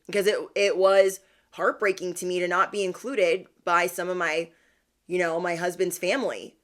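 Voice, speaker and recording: A woman vlogger in a chatty, animated retelling of a family story, using slang as she talks to her viewers. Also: lowish voice, moderate pace. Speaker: spiritual vlogger. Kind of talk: casual storytelling.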